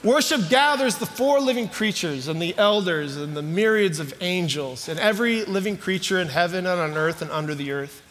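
A man's voice: high-pitched, expressive, normal speed, hardly any pauses, a bit bright, long reverb tail, slight background noise. A man preaching a sermon, reading scripture with dramatic emphasis and letting the congregation call out missing words. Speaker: pastor.

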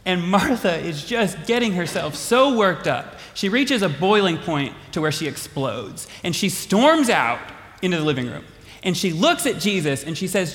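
A male pastor preaching a sermon, retelling a story with animated, repetitive phrasing. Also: high-pitched, normal speed. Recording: long hall reverb.

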